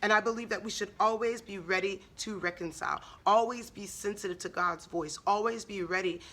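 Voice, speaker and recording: A woman's voice: mid-range voice, brisk, sharp tone. A woman giving an earnest Christian encouragement talk, preacherly, full of rhetorical questions. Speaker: Christian speaker.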